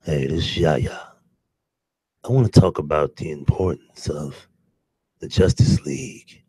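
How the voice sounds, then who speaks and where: Deep smooth male radio announcer, put on by a man, slow and low. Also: sing-song, a little mellow, no echo, full character voice. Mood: announcing.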